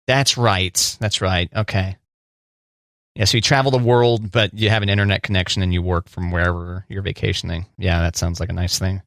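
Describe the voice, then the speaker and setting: A man co-hosting a radio show, teasing his partner and answering with quick short replies. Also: sits low, fairly even intonation, gravelly, a bit bright, no room sound. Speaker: radio co-host. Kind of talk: morning radio show chat.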